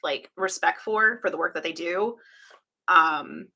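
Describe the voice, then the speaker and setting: A woman's voice: lowish voice, a little slow, vocal fry, bright, forceful tone. A woman chatting casually on a live stream, talking to her chat with frequent laughs and sarcastic, self-deprecating asides.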